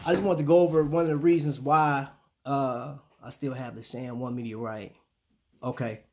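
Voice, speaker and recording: A man's voice: medium pitch, moderate pace, a little mellow. A man hosting a casual live stream, talking loosely with his viewers and throwing "man" and "bro" into most lines. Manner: laid-back slang, chatting with viewers, often saying "man".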